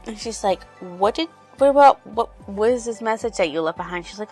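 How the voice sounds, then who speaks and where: A woman's voice: medium pitch, lively intonation, a little fast, a little mellow, slightly rough, faint music behind. A woman reviewing a book, rambling through the plot in a casual retelling full of "she's like" quotes.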